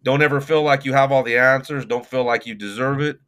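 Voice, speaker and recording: A man's voice: medium pitch, fairly even intonation, a little fast, a bit bright, clear, resonant tone. A man in his forties, a youth coach and mentor, speaking as a guest in a casual podcast interview with a reflective, advice-giving manner and plenty of fillers.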